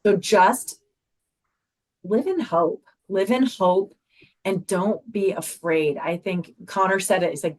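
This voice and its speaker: A middle-aged mother, a guest on a heartfelt podcast interview, speaks earnestly in a low-leaning voice at a slow pace. She repeats herself as she searches for words.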